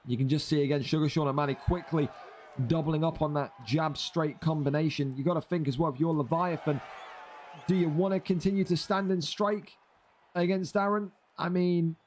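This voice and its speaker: Male fight caller, slightly high voice, congested nose, fast energetic play-by-play that climbs to shouts. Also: a little hiss or hum. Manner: energetic play-by-play, rising to shouts on big hits. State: stuffy blocked nose. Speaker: fight commentator. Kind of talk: video game fight play-by-play commentary.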